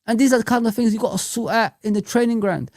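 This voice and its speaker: A man's voice: extremely high pitch, quick pace, darkish tone, dry recording, studio quality. A man hosting a football fan live chat, ranting in an exasperated way and repeating himself for emphasis. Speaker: fan channel host.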